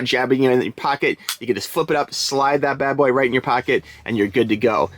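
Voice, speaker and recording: A man's voice: mid-range voice, fairly bright tone. A man giving a casual, enthusiastic product review, chatty with lots of fillers.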